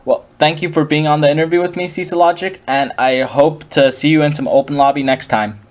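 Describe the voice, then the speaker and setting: A man hosting a casual interview, speaking hesitantly and filling his pauses with ums. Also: a little high, steady tone. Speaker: host.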